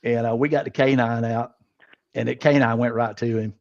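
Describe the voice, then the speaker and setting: A man's voice: mid-range voice, steady tone, normal speed, creaky, darkish tone, dry recording, highs cut off. A man casually telling old police stories and laughing along with them. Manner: laid-back, laughs through his stories. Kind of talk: casual storytelling chat.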